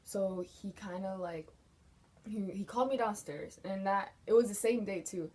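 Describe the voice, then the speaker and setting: A young woman talks straight to camera as a vlogger, telling her own story in a loose, unpolished way. She swears freely and keeps dropping "like" between her words. Her voice sits at a middle pitch for a woman. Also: moderate pace, dark tone. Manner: frank, swears a lot, fillers like 'like'. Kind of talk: casual storytelling.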